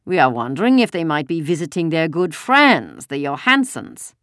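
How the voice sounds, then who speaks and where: A woman voicing a second male soldier who speaks loudly and suspiciously in a storybook reading. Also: low voice, big pitch swings, moderate pace, dry recording, studio quality, voice pushed up.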